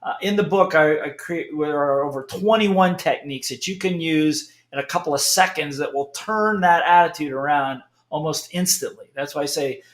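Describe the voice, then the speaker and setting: A middle-aged man giving an emphatic, animated motivational talk, often checking in with "okay?". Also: on the high side, normal speed, few pauses, roomy sound. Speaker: speaker.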